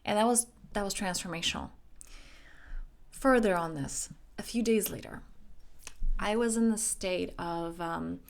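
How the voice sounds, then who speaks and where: A woman's voice: mid-range voice, measured pace, creaky, long pauses. Emphatic woman giving a motivational talk. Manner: emphatic, acts out her own inner dialogue. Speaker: life coach. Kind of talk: motivational self-help talk.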